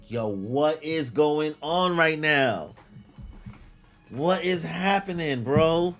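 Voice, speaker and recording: Young man reacting loudly, lively pitch. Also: takes it slowly, soft background music. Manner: exclaiming, crude slang, says "bro" a lot. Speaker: manga reaction streamer. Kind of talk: live reaction commentary while reading.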